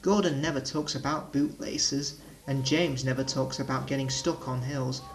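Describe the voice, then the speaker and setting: A man narrating a children's railway storybook with gentle, expressive storytelling. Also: medium pitch, normal speed, soft background music, low-quality recording.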